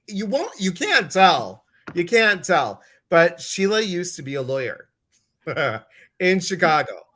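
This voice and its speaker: A man's voice: a little high, a bit bright. A man hosting a casual live-stream interview, chatty and exuberant, greeting viewers and reading their comments aloud. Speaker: host.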